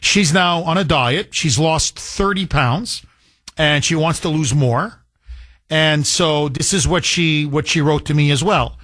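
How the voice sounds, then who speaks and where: Talk radio guy, kinda high voice, laughs a lot, fired up. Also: measured pace, no room sound, clean studio sound. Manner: emphatic, laughs often, excitable. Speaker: radio talk show host.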